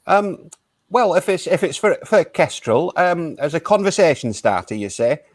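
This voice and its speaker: Guy playing an awkward stammery radio host, bit high, bouncy, dry sound. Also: expressive, moderate pace, dry recording. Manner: hesitant, stammering. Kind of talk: improvised comedy radio show.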